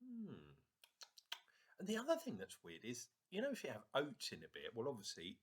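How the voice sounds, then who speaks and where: Northern English male vlogger, husky and animated, casual rambling beer reviewer who swears. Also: medium pitch, moderate pace.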